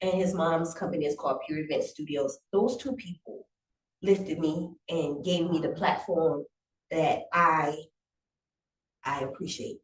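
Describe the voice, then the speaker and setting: A woman, a chef and business owner, telling her story as an interview guest in a lively, heartfelt way and acting out the voices of the people she quotes. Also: sits low, measured pace. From South Carolina Lowcountry. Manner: animated, acts out quotes, emotional and grateful. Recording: echoey room, voice from a distance.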